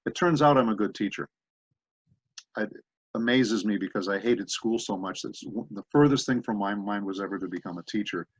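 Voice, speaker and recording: A man's voice: fairly low pitch, normal speed, slightly rough, no room sound. A man voice actor in an interview, telling rambling anecdotes full of asides. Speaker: voice actor guest. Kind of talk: interview conversation. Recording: dull dry lo-fi audio.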